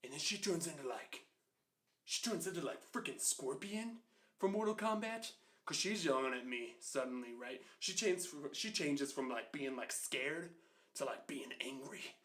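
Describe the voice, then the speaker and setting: A man in his twenties with a higher voice tells a funny story from his childhood. He's animated and conversational, tossing quick asides to the listener.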